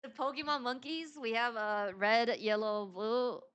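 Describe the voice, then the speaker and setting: A woman's voice: fairly high pitch, steady tone, unhurried, fairly bright tone, clean tone, muffled recording. A woman streamer giving casual, playful commentary while playing a game. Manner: chatty, laughs often, playful asides.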